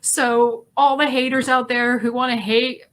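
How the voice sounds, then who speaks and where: A woman hosting a casual interview over a video call, effusive and heartfelt, rambling warmly with lots of fillers. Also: fairly high pitch, level tone, measured pace. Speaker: host. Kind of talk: emotional casual interview chat.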